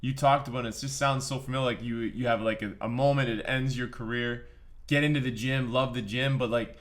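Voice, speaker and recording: A man's voice: medium pitch, steady tone, a little fast. A male podcast host with a mid-range voice, chatting casually. He rambles and leans on filler words as he works out his point.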